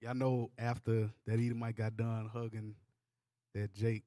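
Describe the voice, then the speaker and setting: A man's voice: on the low side, level tone, a little slow, mellow, no echo, studio quality. A man with a Southern US accent hosting a casual group discussion, joking and laid-back. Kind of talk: casual group discussion, reading clips aloud.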